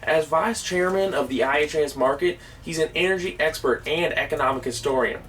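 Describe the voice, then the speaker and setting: An actor playing a self-important small-time oil boss in a mockumentary comedy, folksy and boastful with a drawl. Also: male voice, a little high, a little fast, fairly bright tone, natural voice. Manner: folksy, boastful, easily flustered. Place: cramped old camper. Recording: distant mic, noisy background.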